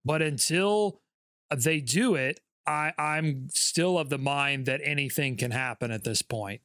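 Bright-voiced man. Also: fairly high pitch, dry recording. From North Carolina. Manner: measured, skeptical, joking. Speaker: podcast co-host. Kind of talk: casual sports talk.

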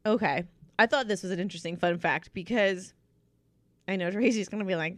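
A woman's voice: medium pitch, brisk, dry recording. Crude, laughing woman podcast co-host. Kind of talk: casual chat.

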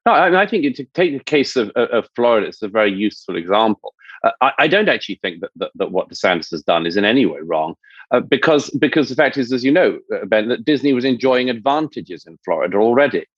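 A man's voice: medium pitch, sing-song, fast talker, slightly rough, no echo. A man speaking as an interview guest, reasoning carefully with frequent hesitant restarts. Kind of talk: interview discussion. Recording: slightly dull lo-fi sound.

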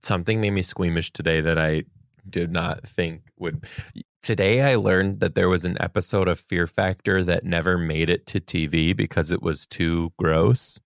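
A man's voice: low voice, fairly even intonation, normal speed, vocal fry, no echo, clean studio sound. A man co-hosting a podcast in casual chat, often laughing and reacting with disgust. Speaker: podcast co-host.

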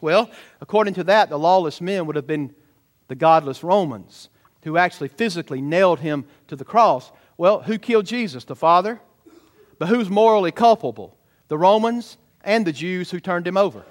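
High-voiced pastor preaching. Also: male voice. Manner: emphatic preaching, rhetorical tag questions, rising to loud peaks. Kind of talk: sermon. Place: church sanctuary.

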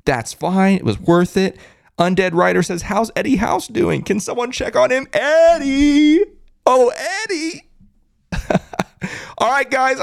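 A man hosting a hyped postgame live stream, reading chat aloud and shouting with excitement. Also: high-pitched, gravelly, no echo, clean studio sound. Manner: excited, loud, shouting catchphrases. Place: closet at a family home.

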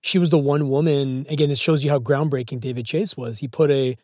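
A man's voice: medium pitch, steady tone, brisk, darkish tone, dry recording, clean studio sound. A man interviewing a guest, asking probing questions with detailed fan knowledge.

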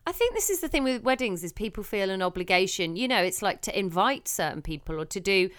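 A woman's voice: medium pitch, big pitch swings, quick pace, a bit bright, dry recording, studio quality. A young woman, co-hosting a podcast with gushing, effusive casual chat. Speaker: podcast co-host.

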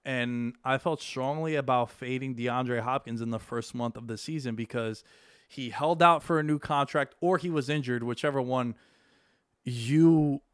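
Energetic man hosting a sports podcast. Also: medium pitch, moderate pace, smooth, dry recording, studio quality. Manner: loose, energetic, swears casually. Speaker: podcast host. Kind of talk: solo sports betting podcast chat. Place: home studio, New York.

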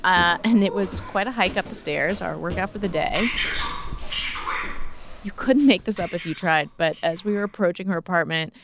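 Upbeat woman podcast host, lowish voice. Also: normal speed, music in the background. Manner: upbeat, clear presenter delivery. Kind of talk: podcast narration and ad read.

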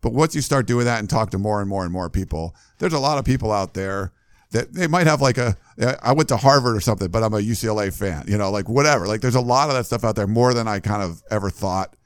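A man with a lowish voice chatting casually as a sports podcast host, rambling and restarting his sentences as he thinks aloud. The sound is dry and close to the mic. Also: expressive, fast talker, smooth, no echo. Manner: rambling, loose, many fillers and restarts. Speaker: podcast host running a fan message board.

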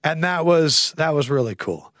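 A man in his thirties hosting a podcast, telling stories in a casual, animated way, acting out quoted voices and swearing freely. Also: a little high, normal speed, dry recording, studio quality. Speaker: podcast host. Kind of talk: casual storytelling chat.

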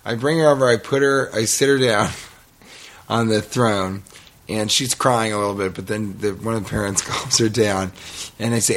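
A man casually telling a long, rambling story in podcast chat, animated and laughing as he goes. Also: lowish voice, normal speed.

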